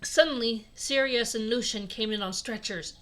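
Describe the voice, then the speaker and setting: Casting: young woman, comedic read-aloud host, slightly high, bright tone. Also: normal speed. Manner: sarcastic, laughing asides between read lines. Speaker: host reading a fan fiction aloud.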